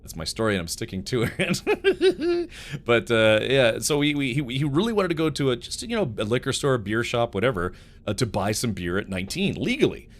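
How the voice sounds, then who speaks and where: A man's voice: medium pitch, huge pitch swings, brisk. A man streaming a game live, chatting casually with his chat and telling rambling stories with frequent laughs. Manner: rambling storyteller, laughs often, talks to chat.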